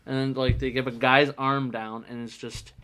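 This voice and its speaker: A man's voice: mid-range voice, level tone, moderate pace, a bit bright. Rambling man chatting casually. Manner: rambling, full of "like" and restarts. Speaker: podcast co-host. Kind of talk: casual chat. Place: comic shop.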